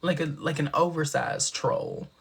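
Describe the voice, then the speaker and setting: A man hosting a casual live stream, talking in a sassy, chatty way with a big booming laugh. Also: creaky, slightly rough. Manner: sassy, chatty, drawn-out expressive delivery.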